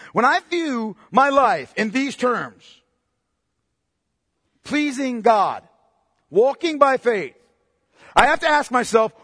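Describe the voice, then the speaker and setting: High-voiced preacher, hushed to fervent. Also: male voice, breathy edge, dry recording, studio quality, big-room sound. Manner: impassioned, swings from hushed to forceful; presses listeners with repeated direct questions. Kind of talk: sermon.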